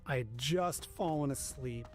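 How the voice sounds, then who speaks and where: A man's voice: medium pitch, unhurried, soft background music. A middle-aged man casually telling a long military story with lots of profanity, acting out the voices of the people in it. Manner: profane, animated, acts out quoted voices.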